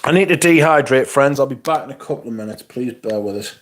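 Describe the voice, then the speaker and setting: A man's voice: medium pitch, fast, few pauses. A man hosting a casual livestream. He reads viewer comments aloud and answers them bluntly, swearing often and adding asides. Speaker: livestream host. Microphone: phone.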